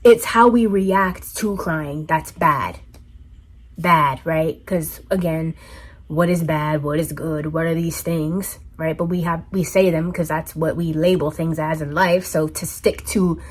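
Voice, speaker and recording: A woman's voice: low-pitched, fairly even intonation, measured pace, slightly rough. A woman vlogger talking in an earnest, heartfelt way, repeating phrases for emphasis. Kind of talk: reflective personal monologue.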